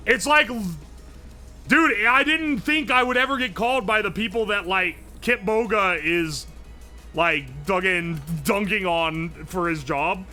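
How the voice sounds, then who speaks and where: Young male streamer, high bright voice, excitable, swears while tinkering, faint music behind. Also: measured pace. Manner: excitable, swears a lot, thinks aloud. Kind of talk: casual live-stream chat while tinkering.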